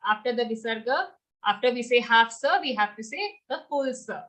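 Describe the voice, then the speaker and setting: Female recitation teacher, high bright tone, patient syllable-by-syllable drilling. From India. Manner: breaks words into syllables, repeats slowly. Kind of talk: pronunciation lesson with chanted verses.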